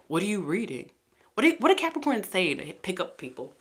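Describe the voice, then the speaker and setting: A woman's voice: medium pitch, very animated, fairly quick. A woman reading tarot live, chatty and teasing, often laughing between cards. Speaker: tarot reader.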